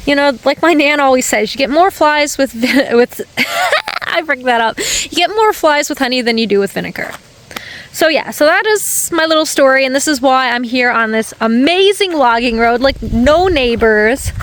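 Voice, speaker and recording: A woman's voice: sits high, expressive, normal speed, fairly bright tone, slight background noise, low-quality recording. A woman telling a casual, rambling story for her vlog, full of fillers and self-corrections, recorded by a dirt road. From Newfoundland. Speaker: vlogger. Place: parked car by a dirt logging road, outdoors.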